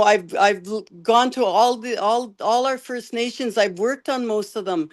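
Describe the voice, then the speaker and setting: An older woman, a candidate giving an emotional, halting closing statement over a video call, often repeating words. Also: medium pitch. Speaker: election candidate.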